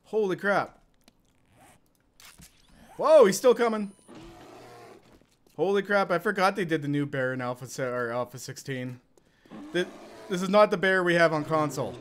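A man's voice: fairly high pitch, a little fast, a little hiss or hum. A young Canadian man streaming a survival game live, chatting casually and yelping and laughing when things go wrong. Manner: excitable, yelps and laughs in panic. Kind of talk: live gameplay commentary.

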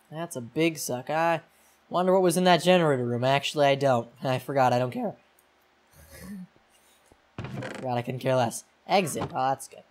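A man's voice: fairly high pitch, moderate pace. A young man playing a horror game and giving rambling, self-mocking casual commentary into a desk mic. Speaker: gaming YouTuber.

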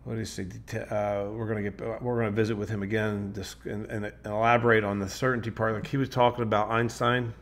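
A male podcast host with a fairly low voice, talking in a relaxed, slangy, upbeat way. He laughs easily and keeps the chat loose. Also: fast talker, hardly any pauses. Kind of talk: casual interview chat.

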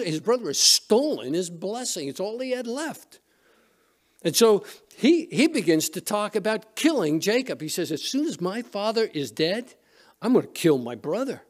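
A male pastor preaching a sermon in a church, retelling a story conversationally with frequent restarts. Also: high-pitched. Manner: storytelling, retelling scenes with quoted voices. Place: church sanctuary.

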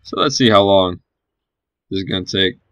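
A man's voice: low voice, normal speed, fairly bright tone, no room sound. A man giving live gameplay commentary as a gaming channel host, cheering on his units and swearing casually.

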